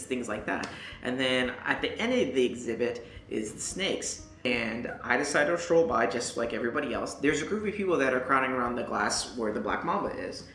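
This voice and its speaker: A young adult woman vlogger telling a story in an animated, casual way, swearing and talking straight to the viewer. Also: a bass voice. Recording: echoey room.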